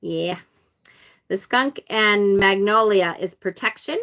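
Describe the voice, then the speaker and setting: A woman with an upstate New York accent talks in a bright, clear voice while she unboxes a card deck on a live stream. She chats easily with her viewers and laughs often. Her pitch sits at an ordinary middle level. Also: takes it slowly. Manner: chatty, reads viewer comments aloud, laughs often. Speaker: tarot channel host.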